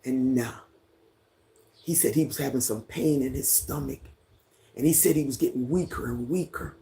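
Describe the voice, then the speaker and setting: A livestream host who has lived on a Caribbean island for ten years chats with viewers from home, greeting them and reading their comments aloud. The mid-range voice is relaxed and unhurried, and the room is indoors near a fan.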